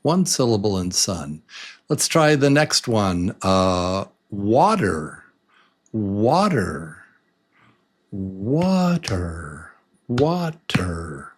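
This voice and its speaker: A man teaching English to beginners, saying words slowly and breaking them into beats in an encouraging, patient way. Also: fairly low pitch, very animated. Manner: slow, drawn-out words broken into beats. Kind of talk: slow beginner lesson.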